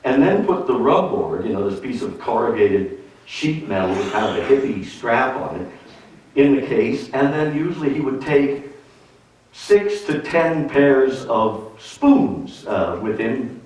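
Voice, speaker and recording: A man, a musician, telling a true story in an animated way, chuckling and acting out the other people in it. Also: medium pitch. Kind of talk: spoken storytelling. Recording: roomy echo, distant mic, faint noise.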